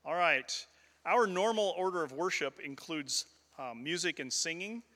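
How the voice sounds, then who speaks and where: A man's voice: a little high, lively intonation, pushed and bright. A man leading a church service, making announcements with hesitant fillers before introducing the preacher. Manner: halting, with fillers. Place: church sanctuary. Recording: long reverb of a church hall.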